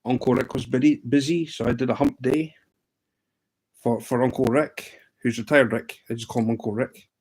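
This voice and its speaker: A man's voice: medium pitch, fairly even intonation, normal speed, darkish tone, husky, low-quality recording. A man hosting a casual livestream, telling fishing stories in a chatty, laughing way. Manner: chatty storyteller, often laughing. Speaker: livestream host.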